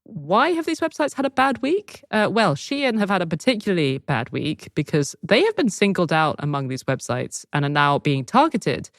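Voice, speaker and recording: A woman co-hosting a news podcast, talking in a lively, expressive way and laughing often. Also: fairly low pitch, moderate pace, creaky, hardly any pauses, no echo, studio quality. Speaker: podcast co-host. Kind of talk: casual news chat.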